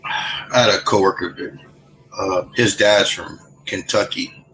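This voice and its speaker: Deep-voiced man rambling in voice chat. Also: steady tone, slow, bright, forceful tone, slight background noise, low-quality recording. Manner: rambling, storytelling, many restarts. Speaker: voice chat participant. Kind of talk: casual online voice chat.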